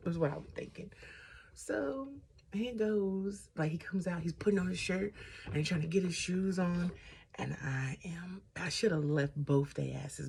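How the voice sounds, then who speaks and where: A woman's voice: lowish voice, unhurried, vocal fry, darkish tone, a little hiss or hum. A woman vlogger chatting through a casual storytime while doing her makeup, getting sidetracked and animatedly retelling what people said.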